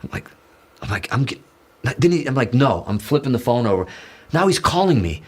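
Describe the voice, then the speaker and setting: A man, a guitarist guest in an interview, telling a story in a casual, animated way, swearing freely, restarting sentences and acting out what others said. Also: medium pitch, a little fast, husky. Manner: animated, profane, restarts often, acts out quoted dialogue.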